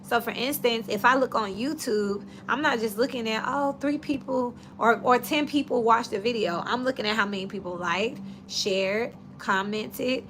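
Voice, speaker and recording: A woman reads tarot cards in a loose, conversational way, coaching her listeners directly. Her voice is bright and forceful, sitting a little high, with a faint hiss in the recording. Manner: chatty, animated, coaching and direct. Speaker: tarot reader. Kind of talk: casual tarot reading.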